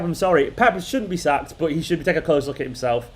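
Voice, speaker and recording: A man's voice: fairly high pitch, lively intonation, a little fast. A man hosting a football fan channel, reacting live to a match in an exasperated, swearing rant that keeps repeating itself.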